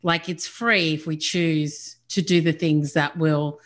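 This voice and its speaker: A woman's voice: sits low, steady tone, slow pace. A woman hosting a casual podcast interview, enthusiastic, filling her speech with "like". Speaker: podcast host.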